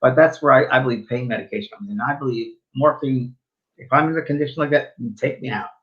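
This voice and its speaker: A man's voice: medium pitch, fast, lo-fi sound. A man co-hosting a talk show as a spiritual medium, telling rambling anecdotes full of fillers and restarts. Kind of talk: casual storytelling chat.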